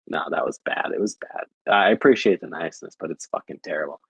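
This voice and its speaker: A man's voice: extremely low pitch, fairly quick, hardly any pauses, husky, no echo, lo-fi sound. A young adult American man chatting casually with viewers, rambling and repeating filler phrases. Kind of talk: casual chat.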